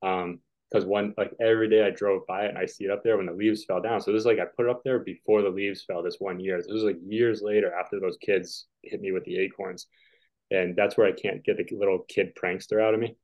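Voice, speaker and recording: Deep-voiced man telling rambling stories. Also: fairly even intonation, brisk, darkish tone. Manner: rambling, filler-heavy, chuckling. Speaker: podcast guest, tennis player. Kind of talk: casual storytelling. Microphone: video call. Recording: dull lo-fi call audio.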